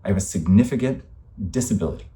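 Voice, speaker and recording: Young guy ranting alone on his vlog, lowish voice, emphatic and rambling, swears a lot. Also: animated, fast, mellow. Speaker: vlogger. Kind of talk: impassioned personal monologue.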